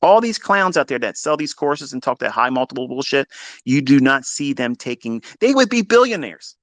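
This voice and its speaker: Brief: man, trading mentor, blunt and foul-mouthed, emphatic repeats, mid-pitched, dry close sound. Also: moderate pace, no room sound. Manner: blunt, heavy swearing, emphatic repetition; swings between loud bursts and low asides. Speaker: trading educator. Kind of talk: profane motivational lecture.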